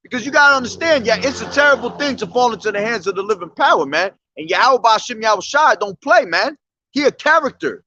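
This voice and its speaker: High-voiced blunt male street preacher. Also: expressive, fast talker, sharp tone, dull audio. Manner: blunt, profane, confrontational.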